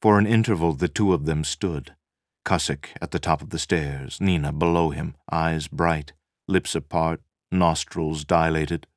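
A man reading a novel aloud as narrator, measured and dramatic. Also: rumbling low, steady tone, no echo, clean studio sound. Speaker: audiobook narrator. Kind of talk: scripted narration.

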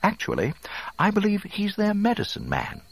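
A fussy golden protocol droid with a prim, worried voice pitched far up, crackling with gravel under the strain. Every word is proper and anxious. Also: male voice, huge pitch swings, moderate pace, no room sound, heavily acted. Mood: correcting. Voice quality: high, fretful and proper.

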